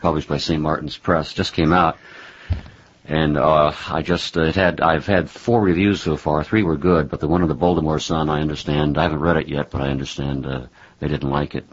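Very deep-voiced, husky man interviewer. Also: fairly even intonation, a little fast. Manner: hesitant, many fillers, wry. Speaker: interviewer and author. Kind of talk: conversational interview. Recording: dull lo-fi recording.

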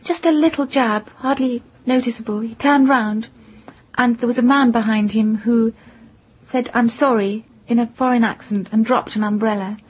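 A woman interviewee recounting events in a measured, composed way, with a husky voice. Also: a little high, fairly even intonation, darkish tone. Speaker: interviewee, widow of the victim. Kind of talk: interview answers. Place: in London. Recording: dull lo-fi broadcast audio.

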